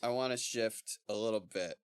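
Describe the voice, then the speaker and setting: A man co-hosting a book podcast, chatting in an animated, joking and profane way. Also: fairly low pitch, normal speed, clean tone, no echo. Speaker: podcast co-host. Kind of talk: casual chat.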